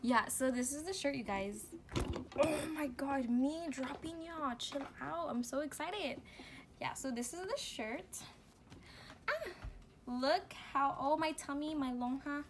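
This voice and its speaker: A woman's voice: high voice, animated, unhurried, background noise. A young woman reviewing products in a casual home vlog, bubbly and chatty with slang and fillers. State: out of breath from heat. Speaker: beauty and lifestyle vlogger.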